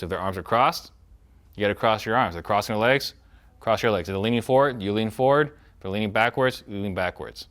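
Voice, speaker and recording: Low-voiced man coaching sales trainees. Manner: direct, coaching tone, acts out prospect lines; shifts loudness and pace to demonstrate points. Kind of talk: recorded training lesson.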